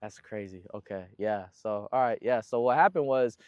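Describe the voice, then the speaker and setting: A man's voice: lowish voice, normal speed, darkish tone, smooth, no echo, lo-fi sound. A young man talking casually as a guest in an interview, telling a personal story in a loose, slangy way with lots of profanity. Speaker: guest musician.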